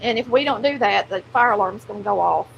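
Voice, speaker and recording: A woman's voice: medium pitch, fast talker, creaky, background noise. A woman with a country Southern accent hosting a cooking show, chatting folksily to viewers while she cooks in her kitchen. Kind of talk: casual cooking chat to viewers. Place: home kitchen.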